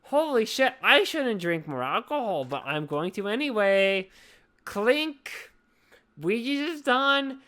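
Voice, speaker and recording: A woman's voice: fairly high pitch, big pitch swings, measured pace, hardly any pauses, a bit bright. A drunk woman hosting a casual podcast chat, rambling, swearing and apologizing over and over. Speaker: podcast host.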